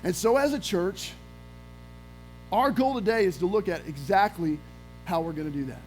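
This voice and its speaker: Male pastor, very high voice, energetic storytelling sermon, faint music behind. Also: moderate pace, poor audio. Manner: energetic storytelling with acted-out quotes. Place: church sanctuary.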